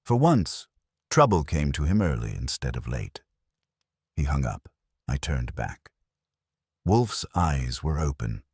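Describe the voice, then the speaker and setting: A man's voice: a bass voice, big pitch swings, takes it slowly, pauses often, darkish tone, slightly rough, no room sound. A man giving dry, wry, matter-of-fact scripted first-person narration of a detective story.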